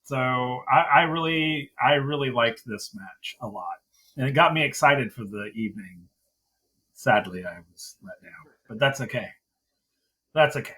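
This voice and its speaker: A man's voice: medium pitch, expressive, moderate pace, sharp tone, slightly rough. A man co-hosting a podcast, chatting casually about a wrestling show and gushing while he repeats himself. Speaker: podcast co-host. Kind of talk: casual wrestling review chat.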